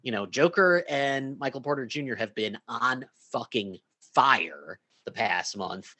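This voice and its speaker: A man co-hosting a podcast, giving relaxed, opinionated sports takes in casual chat and sometimes dropping into quieter asides. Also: medium pitch, unhurried. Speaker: podcast co-host.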